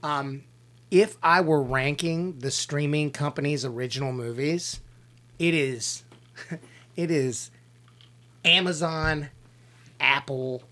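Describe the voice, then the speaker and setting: A man's voice: fairly high pitch, slow pace, long pauses, pushed and bright. A man co-hosting a casual movie review podcast, giving blunt, opinionated asides.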